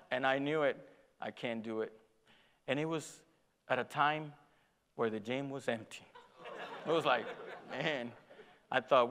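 A man's voice: a little high, unhurried, long pauses, sharp tone, smooth, long reverb tail. A man preaching a sermon, telling a personal story with acted-out dialogue and self-deprecating laughter. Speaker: pastor.

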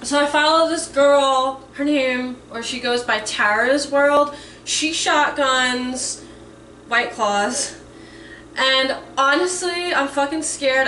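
A woman's voice: fairly high pitch, pushed and bright, a little hiss or hum. A woman around thirty vlogging casually at home, nervous, swearing freely and saying "like" a lot. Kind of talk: casual chatty vlog. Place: home kitchen. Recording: echoey room, mic some distance off.

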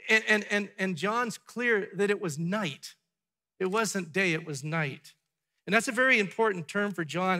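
A pastor preaching a sermon to his congregation, asking rhetorical questions and dropping to a hush before building back up. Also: high-pitched. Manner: dramatic, drops to a hushed tone for emphasis, then builds up. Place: church sanctuary.

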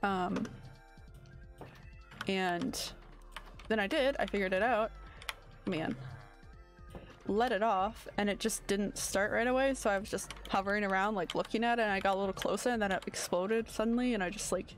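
A woman's voice: mid-range voice, moderate pace, long pauses, faint music behind. A woman streamer giving casual gameplay commentary in a sleepy, rambling way, often searching for her words. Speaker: game streamer.

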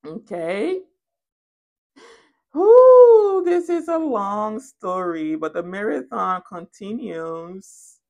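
Animated, playful woman giving a tarot reading. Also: mid-range voice, slow pace, creaky. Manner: animated and playful, with sudden soft asides; talks straight to the viewer. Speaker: tarot reader. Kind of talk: spoken tarot reading to camera.

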